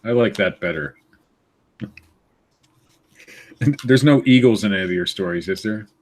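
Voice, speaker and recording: A man with a low, husky voice co-hosts a podcast in a relaxed, easygoing way. He laughs often and drops wry, deadpan remarks. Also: a little slow. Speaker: podcast co-host. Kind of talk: casual podcast banter.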